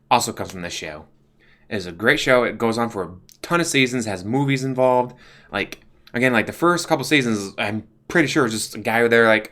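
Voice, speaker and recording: A man's voice: mid-range voice, animated, normal speed, fairly bright tone. A young man, casually reviewing TV shows in a rambling way, full of fillers and restarts. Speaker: YouTube host.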